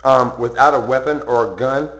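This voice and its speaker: A man's voice: medium pitch, steady tone, normal speed, a bit bright, echoey room, dull audio. A man delivering a rambling, boastful, threatening rant to the camera, filled with "um" and "okay". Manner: boastful, confrontational, full of ums and okays. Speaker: vlogger.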